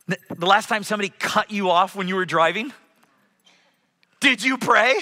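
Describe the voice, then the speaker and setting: High, bright-voiced man preaching. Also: normal speed. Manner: animated, swinging from loud to hushed. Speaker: pastor. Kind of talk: sermon. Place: church sanctuary. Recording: hall reverb.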